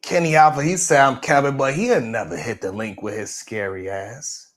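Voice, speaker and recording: A man's voice: fairly low pitch, sing-song, moderate pace. A man hosting a morning show livestream, chatting casually and joking as he talks straight to his viewers.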